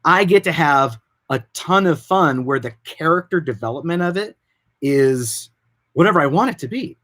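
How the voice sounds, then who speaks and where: A man who directs production, explaining his voiceover work in a casual, informal and animated way. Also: a little high, normal speed. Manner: informal, animated, loose and rambling.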